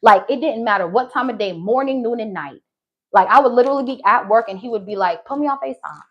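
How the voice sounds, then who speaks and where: Animated, profane woman telling a story. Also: a little high, fast talker, slightly rough, muffled recording. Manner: animated, profane, acts out quoted dialogue. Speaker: tarot reader. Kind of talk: casual storytelling monologue.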